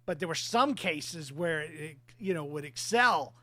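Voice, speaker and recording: A man's voice: fairly high pitch, lively intonation, a little slow, bright, forceful tone. A man in his forties, a podcast host, talking candidly about family in casual chat, laughing between thoughts.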